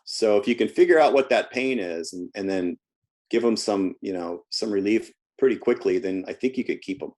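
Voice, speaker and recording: A man's voice: fairly low pitch, normal speed, darkish tone. A man who works as a health coach, talking casually in an interview and telling stories from his work, often restarting and repeating words.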